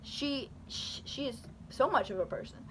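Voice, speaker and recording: A high-pitched, animated young woman speaks at normal speed to her camera amid background noise. Her casual YouTube commentary rambles along with many fillers and restarts as she talks with her hands.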